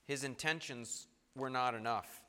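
A man's voice: mid-range voice, unhurried, clean tone. Preacher man in a reverberant hall. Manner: reads scripture aloud, swings from loud to soft. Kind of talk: sermon.

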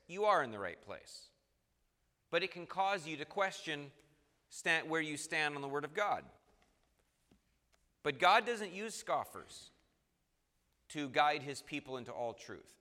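A man's voice: medium pitch, pushed and bright, big-room sound. A man preaching an earnest, emphatic sermon and reading scripture aloud.

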